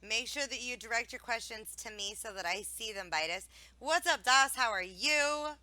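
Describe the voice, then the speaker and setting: A woman's voice: on the high side, moderate pace, pushed and bright, poor audio. A woman from Wisconsin hosting a live stream, reading chat aloud and cursing casually. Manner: profane, laughing, reads chat aloud.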